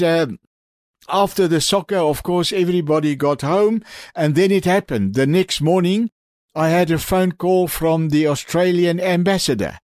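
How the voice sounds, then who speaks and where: A man preaching on the radio as a pastor, telling an animated story and calling his listeners friends. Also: a little high, no echo, studio quality.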